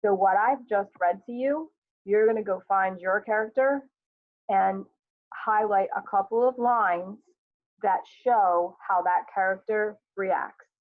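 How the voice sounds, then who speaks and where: A woman's voice: medium pitch, takes it slowly. A woman teacher reading aloud and giving plain, instructive directions for a class task, in a tinny, phone-like recording. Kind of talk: lesson instructions and read-aloud.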